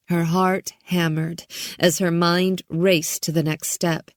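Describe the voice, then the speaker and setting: A woman narrates an audiobook thriller in a calm, measured way. Her voice sits a little low and she takes her time. The recording is dry and close. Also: dry recording. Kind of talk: scripted narration.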